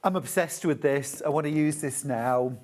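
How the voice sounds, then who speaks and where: A woman's voice: deep voice, moderate pace, a little mellow. A woman with a British accent presenting a live shopping show, chatting to viewers and gushing over fabrics. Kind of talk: live sales demonstration.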